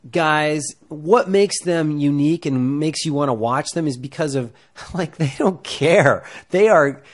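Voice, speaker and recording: A man giving acting advice in a loose, rambling talk full of fillers and restarts, getting animated as he goes. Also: a little high. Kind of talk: casual talk to camera.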